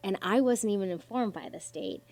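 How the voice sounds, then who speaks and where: A woman's voice: mid-range voice, fairly quick, gravelly, no room sound. Woman guest, podcast mic, dry close sound, emotional storyteller who swears and voices others' lines. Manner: animated, swears freely, acts out quoted voices.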